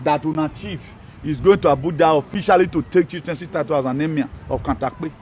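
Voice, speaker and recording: A man's voice: a little high, fast talker, darkish tone, slight background noise, low-quality recording. A man, ranting scornfully and combatively in a political video monologue. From Nigeria. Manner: scornful, combative, mocking, with frequent laughs. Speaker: social media commentator.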